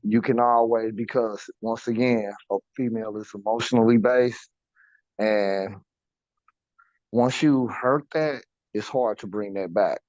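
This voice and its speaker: A man's voice: fairly low pitch, steady tone, a little slow, darkish tone, no room sound, dull audio. A man co-hosting a casual talk show, speaking emphatically and repeating words for stress. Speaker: podcast co-host. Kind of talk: casual conversation.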